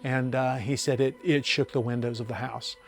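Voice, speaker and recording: A plainspoken middle-aged man tells a story in an interview. His voice sits at an ordinary pitch, and he pauses often with fillers as he recalls events. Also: steady tone, vocal fry, soft background music. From United States. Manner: plainspoken, halting with many fillers. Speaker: witness.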